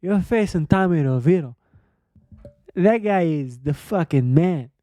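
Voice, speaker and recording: A man putting on a brash, swaggering Italian-American accent, his voice higher and pulled farther from the mic. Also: lively intonation, a little slow, dark tone, no echo, studio quality, soft background music. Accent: put-on Italian-American.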